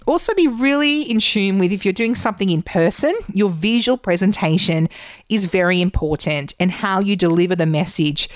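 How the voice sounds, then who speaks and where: Female podcast host, lively coach, mid pitch, dry studio sound. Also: moderate pace, dry recording. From Australia. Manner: animated, gestures a lot while talking. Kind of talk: solo podcast teaching. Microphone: studio microphone.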